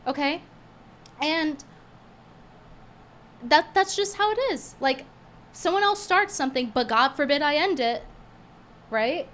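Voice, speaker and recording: A woman streamer in casual commentary, talking sarcastically and animatedly, flaring up indignantly, her voice going a little hoarse. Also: sits high, lively intonation, takes it slowly, pauses often, fairly bright tone, a little hiss or hum.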